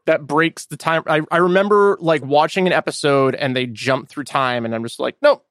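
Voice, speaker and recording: A man's voice: on the high side, fairly even intonation, moderate pace, fairly bright tone, no echo, studio quality. A man hosting a podcast, chatting casually and rambling with fillers. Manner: rambling, loose, with many fillers and restarts. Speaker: podcast host. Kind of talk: casual chat.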